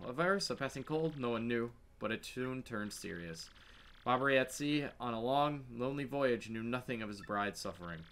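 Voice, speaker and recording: A man voicing a world-weary bartender who tells a sad tale in a soft, somber way. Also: mid-range voice, a little hiss or hum. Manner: somber storytelling, dropping soft. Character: gruff male bartender, world-weary storyteller.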